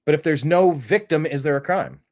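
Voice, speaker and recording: A man's voice: on the high side, expressive, a little fast, darkish tone. Opinionated man hosting a live stream. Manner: rambling, rhetorical questions, emphatic. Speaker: host.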